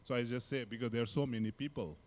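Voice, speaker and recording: A man with a Tibetan accent, a Buddhist teacher, telling a personal story in a relaxed, halting way with many fillers and soft laughs. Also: medium pitch.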